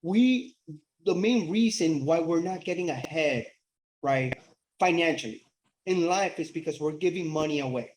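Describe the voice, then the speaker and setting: Earnest man with a fairly high voice. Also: moderate pace, a little mellow, rough recording. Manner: earnest, rises in pitch and speeds up when emphatic. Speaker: credit repair company CEO. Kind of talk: casual interview conversation.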